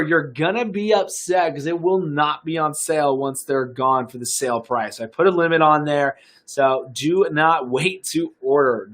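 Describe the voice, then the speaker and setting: Pitching a product to live-stream viewers, a young American fitness coach rambles casually and upbeat, full of fillers and restarts. His voice sits a little high for a man and has a slightly bright quality.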